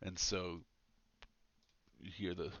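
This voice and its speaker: Guy gm for a tabletop game, bright voice, lots of uhs and laughs, bit muffled mic. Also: deep voice, little pitch movement, takes it slowly, no room sound. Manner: laughing often, hesitant with many fillers. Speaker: game master.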